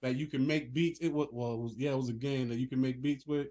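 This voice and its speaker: A man hosts a laid-back interview with a lively, playful delivery. He speaks at a middle pitch and turns to his viewers with casual, slangy asides. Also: quick pace. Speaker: interview host.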